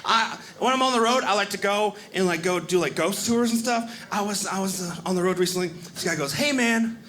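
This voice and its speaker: A man doing a stand-up comedy set on stage, animated and acting out other people in quick voices. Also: high voice. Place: stage before a live audience. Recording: live club recording with audience noise. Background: audience laughter.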